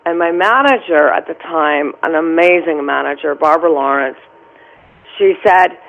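A gravelly-voiced woman telling a vivid story. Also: low voice, moderate pace, dull audio. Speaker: actress guest. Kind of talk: storytelling interview answer.

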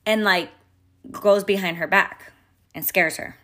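Young mom venting on camera, bright voice, swears a lot, super open. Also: female voice, medium pitch, measured pace. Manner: candid, expressive, swears freely. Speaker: vlogger and mother. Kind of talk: casual storytime.

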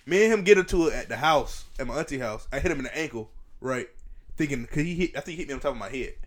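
A man's voice: mid-range voice, animated, fast talker. A man telling a rambling, profane story in casual chat.

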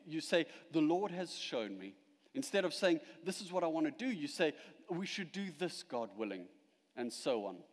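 A male pastor preaching a sermon, emphatic at the peaks and dropping quiet at the close. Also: medium pitch, big-room sound.

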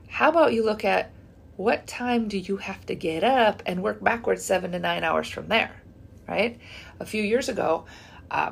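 A woman in her fifties, a fitness coach, giving casual advice straight to her listeners in a chatty way, often checking in with "right?". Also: on the low side. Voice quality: gravelly and husky. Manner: chatty, keeps asking "right?". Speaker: fitness coach and menopause community host. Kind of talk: casual advice talk to camera.

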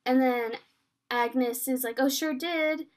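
A woman's voice: high voice, slow. A woman co-hosting a casual chat, animatedly retelling a TV episode and acting out quoted lines. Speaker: podcast co-host.

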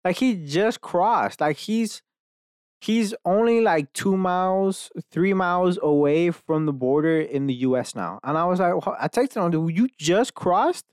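A young man from Dallas, Texas, USA, hosts a casual solo podcast, rambling, swearing often, and interrupting himself with many restarts and fillers. His voice is high-pitched, a little mellow, clear and resonant, at a measured pace. The recording is dry and studio quality.

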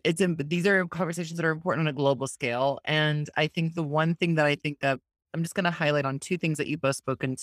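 An earnest podcast host talks through big ideas, sometimes rushing and sometimes drawing words out. The voice sits in a middle register and is recorded dry and close, with no room sound. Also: medium pitch, dry recording. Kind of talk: conversational interview.

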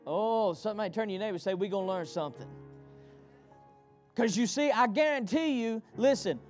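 Male pastor, very high voice, call-and-response sermon, faint music behind. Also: animated, a little fast, a little mellow. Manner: repetitive, rhythmic delivery. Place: church.

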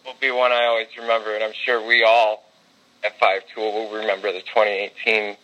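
A man co-hosting a podcast, telling sports stories in casual chat, excitable and swearing now and then. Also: fairly low pitch, fairly quick, muffled recording. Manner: storytelling, swearing, excitable when reliving games. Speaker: podcast co-host.

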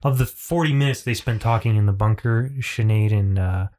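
A man's voice: lowish voice, moderate pace, mellow. Rambling, swearing male co-host. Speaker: podcast co-host. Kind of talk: casual podcast chat.

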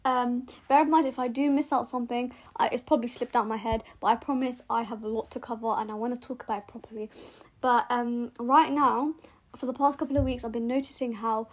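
A young woman hosting her own podcast, talking earnestly in a rambling way with restarts and repeated words, recorded with rough sound at home. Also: a little high, fairly even intonation, fairly quick. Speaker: podcast host. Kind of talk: casual solo podcast monologue.

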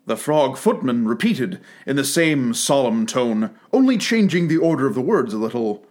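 A man reading a classic storybook aloud with expressive, animated storytelling. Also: mid-range voice, moderate pace. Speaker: narrator.

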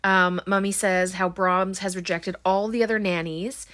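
A woman's voice: mid-range voice, flat delivery, unhurried, few pauses, a bit bright. A woman casually retelling a film plot, chatty and wry, with lots of ums and likes. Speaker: movie recapper. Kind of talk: casual spoken film recap.

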